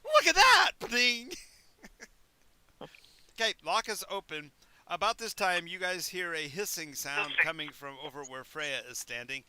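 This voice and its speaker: A man's voice: fairly high pitch, normal speed, bright, forceful tone, slight background noise. A man narrating a tabletop game as game master, rambling into asides and stumbling over repeated words.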